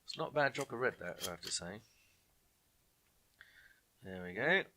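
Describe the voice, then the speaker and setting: A man's voice: medium pitch, expressive, normal speed, bright, forceful tone, slight background noise. A man hosting an online pub quiz, reading each question twice and dropping jokey asides to viewers. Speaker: quiz host.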